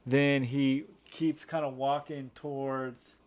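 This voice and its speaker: A man's voice: medium pitch, little pitch movement, slow, darkish tone. A man co-hosting a casual movie review podcast, rambling with many fillers and restarts. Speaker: podcast co-host.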